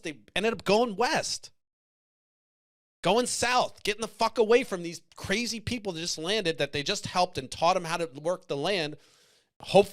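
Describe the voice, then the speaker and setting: A man's voice: high-pitched, fairly bright tone. Passionate, swearing man in commentary. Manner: passionate, profane, emotional. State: choked up. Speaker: podcast host. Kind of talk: casual commentary.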